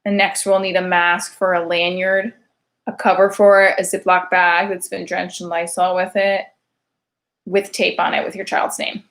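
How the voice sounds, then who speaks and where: A woman's voice: lowish voice, flat delivery, moderate pace, fairly bright tone. A woman in her thirties, a single mother doing a rambling comic monologue, chatty and full of fillers, with sarcastic self-mocking jokes.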